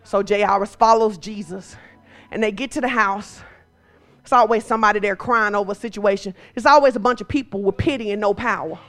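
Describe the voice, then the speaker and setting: A woman preacher delivering a sermon, moving from quiet storytelling to shouted exhortation. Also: medium pitch, brisk, soft background music.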